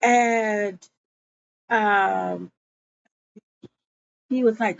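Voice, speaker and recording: A woman recapping a TV episode in casual chat, slipping into quick voices for the characters' lines. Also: medium pitch, lo-fi sound. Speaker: show recap vlogger.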